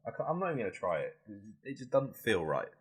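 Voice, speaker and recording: A man's voice: mid-range voice, sing-song, fast, crowd noise. A British man co-hosting a casual chat, talking easily, laughing often and swearing playfully. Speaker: podcast co-host.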